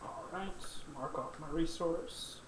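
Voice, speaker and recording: A man playing a tabletop game, stating his actions and rolls in an unhurried, hesitant way. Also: on the high side. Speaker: player. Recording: roomy echo, faint noise.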